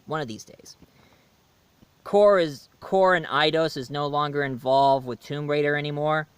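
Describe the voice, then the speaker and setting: A man's voice: fairly high pitch, normal speed, clean tone, no room sound. A man from the United States chatting in a rambling way through a casual video review, laughing at his own jokes.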